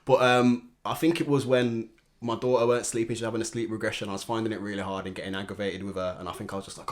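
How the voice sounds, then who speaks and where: A man's voice: lowish voice, rapid-fire. A young man hosting a casual podcast chat, laid-back and slangy, often laughing. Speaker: podcast host.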